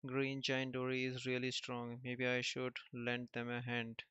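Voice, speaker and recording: A man reading a comic aloud and adding short remarks, in a flat, even voice. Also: medium pitch, measured pace, clear, resonant tone, no echo. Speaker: manga reader. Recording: dull lo-fi recording.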